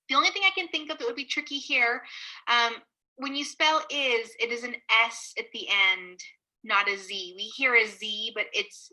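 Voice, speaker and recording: A woman elementary teacher leads a live online class for young children over a video call. Her voice is very bright and ringing, a little higher than most. She speaks slowly and patiently, full of praise and encouragement. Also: poor audio.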